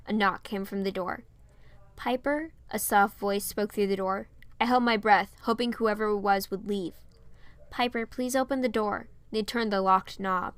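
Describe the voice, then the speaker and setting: A woman reading her own fan fiction aloud as narrator, in a steady storytelling manner. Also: medium pitch, clear, resonant tone, no echo.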